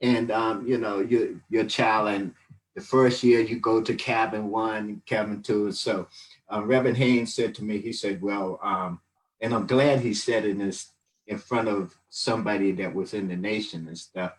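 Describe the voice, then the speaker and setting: A low-voiced man in his sixties tells old stories in a loose, rambling way, full of "you know" and "um". He sounds fond and reflective, and he is picked up from a little away from the mic. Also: steady tone, normal speed, recorded from a distance, poor audio. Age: 60s. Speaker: guest. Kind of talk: casual storytelling testimony.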